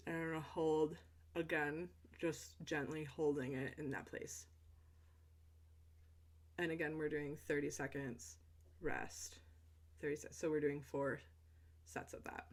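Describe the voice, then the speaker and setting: Voice teacher, young adult woman, slightly low voice, easygoing chatty demo delivery. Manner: relaxed, chatty, with fillers and asides. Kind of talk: instructional stretch demonstration.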